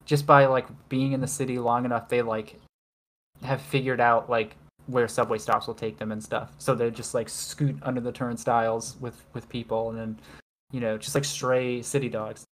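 A woman's voice: extremely low pitch, flat delivery, normal speed. A woman co-hosting a podcast in casual chat, rambling with lots of filler words and laughing often. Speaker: podcast co-host.

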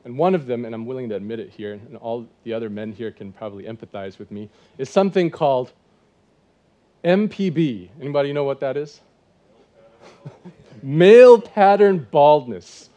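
A man's voice: mid-range voice, normal speed, long pauses, mellow, dull audio. A man in his forties preaching a sermon in a church, conversational and full of rhetorical questions. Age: 40s. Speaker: pastor.

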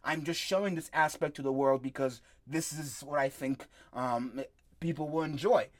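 Young man, podcast host, slightly high voice, rambling, joking, casual chat. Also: normal speed. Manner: rambling, joking, laughs a lot. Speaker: podcast host and content creator.

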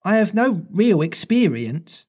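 A man's voice: high-pitched, very animated, a little slow, a little mellow, pitched above the performer's own voice, exaggerated voice. A man voicing a polite, earnest young girl in a storybook reading, with a raised, fluting voice and a little stammer.

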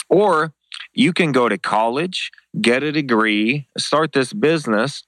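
Lower-voiced man telling animated stories. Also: dry recording. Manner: animated, acts out quoted dialogue with pitch jumps; casual, swears freely. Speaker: interview guest, former MMA show host. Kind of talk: casual anecdotal storytelling.

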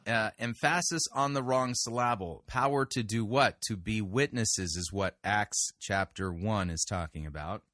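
A man's voice: lowish voice, measured pace, few pauses, a bit bright, no echo. A man hosting a show of sermon reviews, talking in a firm, corrective, argumentative way. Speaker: podcast host reviewing sermons. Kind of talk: critical commentary.

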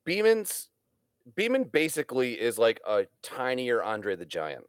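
A man's voice: mid-range voice, wildly swooping pitch, measured pace, clear, resonant tone, dry recording, clean studio sound. A man telling rambling stories in a casual chat, swearing freely as he goes.

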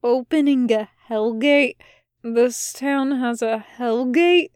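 A woman voicing a tired, hungover male demon who slurs and speaks slowly in confusion. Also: fairly high pitch, darkish tone, clean tone, no echo, studio quality. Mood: confused. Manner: slurred, weary, slow.

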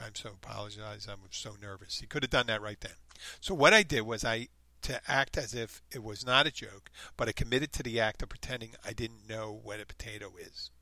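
A man reading a comic story aloud in a deadpan, playful way, acting out the quoted lines and adding his own remarks. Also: lowish voice, dry recording. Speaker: reader of online posts.

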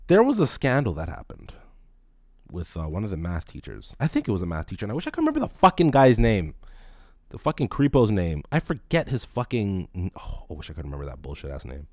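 A man's voice: low-pitched, a little mellow, dry recording, clean studio sound. A man in his late twenties, a podcast host, telling a rambling, profane story in casual talk.

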